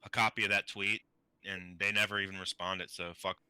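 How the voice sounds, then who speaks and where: A man's voice: low-pitched, level tone, brisk, pushed and bright, smooth, no room sound. A man in casual chat, easygoing and agreeable.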